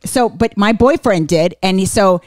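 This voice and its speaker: A middle-aged woman comedian tells a road story on a podcast. She swears freely and acts out the voices of the people in it. Her voice sits at an ordinary pitch for a woman and is recorded dry and close, with no room sound. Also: normal speed, no room sound. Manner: profane, animated storytelling with acted-out quotes. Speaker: comedian guest.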